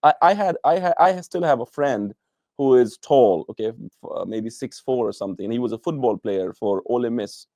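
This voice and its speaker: A podcast host asking long, halting questions, restarting them as he thinks. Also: medium pitch, darkish tone, no room sound. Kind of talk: interview questions.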